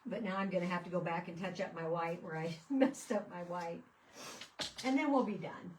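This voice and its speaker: A woman's voice: on the low side, steady tone, a little fast, a little hiss or hum. Chatty woman crafting on camera. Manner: chatty, storytelling, laughing fits. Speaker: craft video host. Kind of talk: casual chat while crafting. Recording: voice a bit far from the mic.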